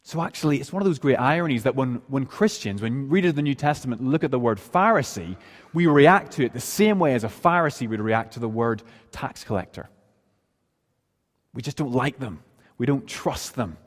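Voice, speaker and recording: A male pastor preaches in an earnest, explanatory way, often posing rhetorical questions. His voice sits at an ordinary middle pitch. A long reverb from the church sanctuary trails behind his words. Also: lively intonation, moderate pace. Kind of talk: sermon. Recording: long reverb of a large hall.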